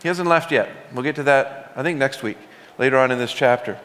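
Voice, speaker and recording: A male pastor delivers a sermon in a relaxed, conversational way, leaning hard on key words for emphasis. His voice sits in an ordinary middle range. It rings out with the long reverb of a large sanctuary. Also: mid-range voice, fairly quick.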